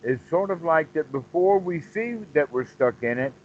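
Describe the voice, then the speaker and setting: A man teaching meditation on a call, explaining slowly and repeating phrases as he goes. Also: on the high side, animated, phone-quality sound, a little hiss or hum. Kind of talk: dharma talk on a call.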